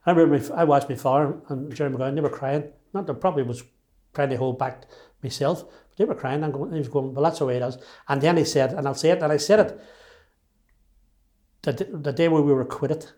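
This Northern Irish interviewee, a Derry-accented man in his sixties, talks fast in a mellow, fairly high voice. Recounting his personal story, he speaks with emphasis and frequent restarts.

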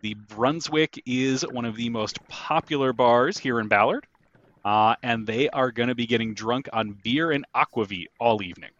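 A man narrating a tabletop game as game master, relaxed and hesitant, with many pauses. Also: medium pitch, dull audio.

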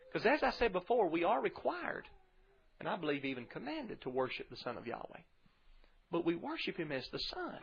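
A man preaching a sermon, reading scripture aloud with earnest emphasis and swelling loudly on key passages. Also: fairly high pitch, muffled recording, slight background noise. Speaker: pastor.

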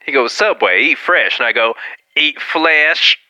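A man co-hosting a comedy podcast who tells a story and jumps into higher voices for the people in it. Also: a little fast, no room sound. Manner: animated, jumps up high to act out shop workers. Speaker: podcast co-host.

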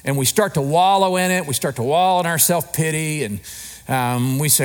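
A man's voice: on the high side, normal speed, clean tone. A man preaching a sermon as pastor, conversational, often asking rhetorical questions. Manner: conversational, asks rhetorical questions, lively emphasis.

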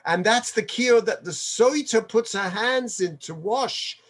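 A man's voice: sits high, a little slow. A man giving a Torah sermon as a rabbi, weaving in Hebrew quotations and chuckling often as he explains.

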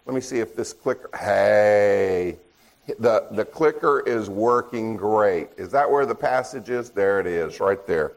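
Relaxed older male preacher, slow. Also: on the low side, creaky. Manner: relaxed, joking, self-deprecating. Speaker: guest preacher. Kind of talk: sermon with dad jokes.

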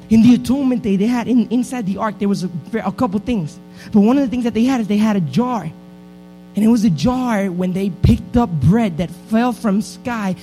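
A male preacher with a notably high voice delivers an impassioned sermon, swinging from steady teaching to loud, urgent calls. Faint music plays softly beneath his words. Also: rough recording. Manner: preaching with rising intensity into shouted exhortation.

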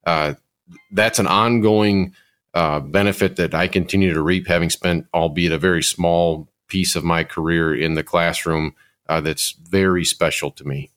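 A man who once taught welding, talking earnestly with halting restarts. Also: low-pitched, fairly even intonation, a bit bright. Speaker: former welding teacher. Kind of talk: reflective conversation.

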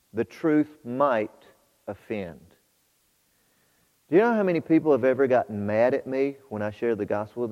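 A man preaching a sermon, shifting between quiet storytelling and loud, fervent exhortation to his congregation. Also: mid-range voice. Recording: muffled hall with long reverb.

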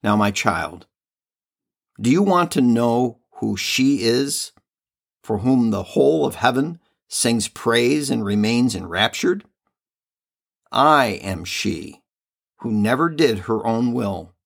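A man reading the part of a loving heavenly mother and queen, slow, solemn and tender, in a devotional reading. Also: mid-range voice, animated, gravelly, heavily acted.

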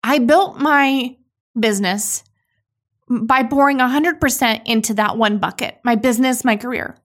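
A woman in her thirties hosting a podcast, talking candidly and emotionally in a raw, halting way with frequent restarts. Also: a little high, a bit bright. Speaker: podcast host. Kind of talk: candid solo podcast monologue.

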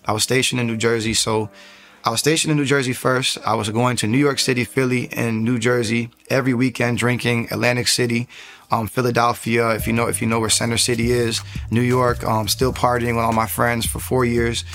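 A young man giving his testimony as a podcast guest, telling his past in a casual, animated way that rises when he relives key moments. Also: medium pitch, brisk.

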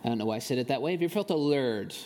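Pastor preaching with playful asides. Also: male voice, mid-range voice, lively intonation, racing, dark tone, a little hiss or hum. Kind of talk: sermon with scripture reading and prayer. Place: church sanctuary.

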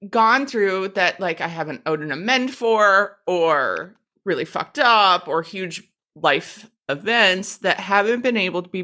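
A woman hosting a candid conversation about recovery, animated and self-mocking, with casual swearing. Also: medium pitch. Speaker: podcast host.

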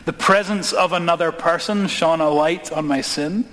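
A man preaching a sermon, asking the congregation questions and dropping his voice slowly on key words. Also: on the high side, a bit bright. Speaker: pastor. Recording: long hall reverb.

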